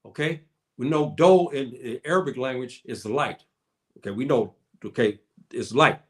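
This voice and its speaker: An American man with an African American English accent delivers a spoken lecture to online viewers at normal speed in a medium-pitched voice. His style is preacherly and repetitive, and he keeps saying "brothers and sisters" and "okay."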